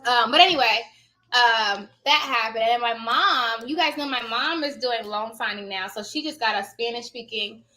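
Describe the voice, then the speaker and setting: A woman's voice: fairly high pitch, moderate pace, sharp tone. A woman in her thirties chatting casually to her viewers, telling stories and calling them y'all. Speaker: notary signing agent vlogger.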